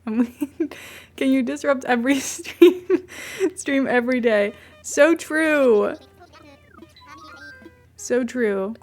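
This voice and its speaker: Chatty woman streamer, slightly high voice. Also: takes it slowly, darkish tone, soft background music. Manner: chatty, rambling, coos at her cat. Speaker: game streamer. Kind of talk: casual livestream chat.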